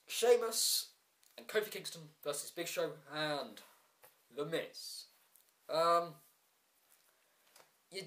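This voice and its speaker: A man with a fairly high voice runs through a show in a casual review vlog. He gets frustrated and rants, stumbles over ums and restarts, and throws in sarcastic asides. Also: a bit bright.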